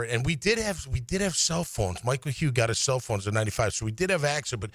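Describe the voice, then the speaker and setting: A middle-aged man, a former player, tells a story in a casual, animated way and acts out the people he quotes. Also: fast talker, few pauses, no echo. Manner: animated, acts out quotes with big pitch swings. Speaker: former player telling a story on sports radio.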